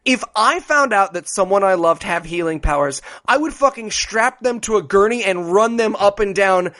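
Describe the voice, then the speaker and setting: A man's voice: high voice, expressive, normal speed, a bit bright, no echo, clean studio sound. A man co-hosting a casual comedy podcast, recapping a movie sarcastically and acting out the characters' lines. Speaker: podcast co-host reviewing a movie.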